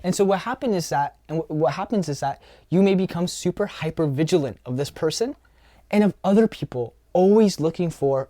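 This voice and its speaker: A man's voice: fairly high pitch, a little fast, dark tone, no room sound, studio quality. A man giving an earnest self-help talk as a coach, often repeating phrases for emphasis. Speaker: social skills coach.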